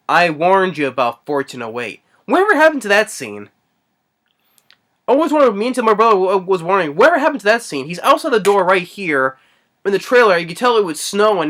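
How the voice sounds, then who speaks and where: A man with a fairly high, bright, forward voice recaps a horror film in loose, casual speech. He stumbles and restarts often and leans on filler words while he talks. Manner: rambling, hesitant, heavy on fillers. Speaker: movie reviewer. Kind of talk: casual spoken movie recap.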